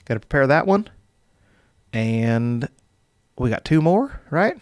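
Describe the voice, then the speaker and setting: A man's voice: mid-range voice, big pitch swings, slow, no echo, studio quality. A young man casually hosting a live stream as dungeon master, rambling with filler words and chuckling as he reads viewer comments.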